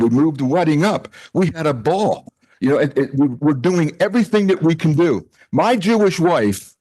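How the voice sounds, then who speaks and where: A man's voice: a little high, no room sound, poor audio. Sixties man giving a heartfelt retreat speech. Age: 60s. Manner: heartfelt, conversational, with quoted dialogue. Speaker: retreat association president. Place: retreat house gathering.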